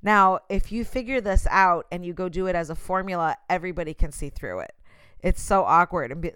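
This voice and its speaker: A woman's voice: on the low side, animated, brisk, fairly bright tone, clean tone, no echo. A woman giving a casual motivational talk straight to the listener, passionate and emphatic.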